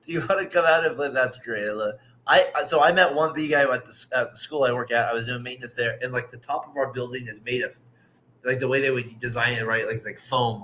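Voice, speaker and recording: Man, co-host, casual sports talk, rambling, laughs a lot, bright voice. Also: medium pitch, a little hiss or hum. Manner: rambling, laughs often, acts out quotes.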